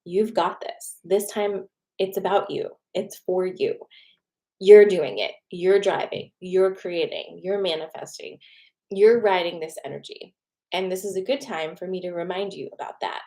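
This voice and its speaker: A woman with a slightly low voice talks viewers through a casual card reading. She is chatty and encouraging and often checks in with "okay?" and "right?". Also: unhurried, dark tone. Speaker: tarot card reader and host.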